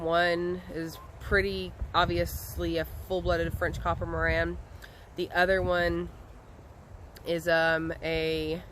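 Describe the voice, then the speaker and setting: A woman's voice: fairly low pitch, a bit bright, a little hiss or hum. A woman, chatting casually and rambling with lots of ums as she talks to camera outdoors by a chicken coop. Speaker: homestead vlogger.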